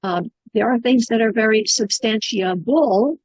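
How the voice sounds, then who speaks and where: A woman's voice: on the high side, a little slow, husky, no room sound, rough recording. A woman who advises communities, speaking confidently and instructively in a group discussion.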